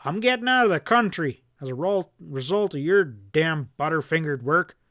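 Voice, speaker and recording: A man's voice: a little high, moderate pace, fairly bright tone, natural voice. A man voicing a hard, furious outlaw boss in a western audiobook, snarling and roaring his threats. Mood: shouting.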